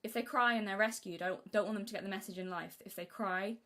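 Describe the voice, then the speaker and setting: A young woman from Britain talking casually on a live stream, rambling and restarting her sentences, sometimes acting out what she said as a child in a high voice. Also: steady tone, fast, bright, forceful tone. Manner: rambling, self-interrupting, acts out childhood quotes in a high voice.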